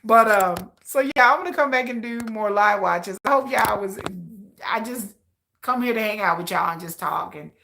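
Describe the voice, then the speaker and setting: A woman chatting casually with her live audience about K-pop videos, animated and talkative. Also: medium pitch, normal speed, gravelly, slight background noise. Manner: chatty, animated, addresses viewers as y'all. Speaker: K-pop reaction vlogger. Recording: echoey room.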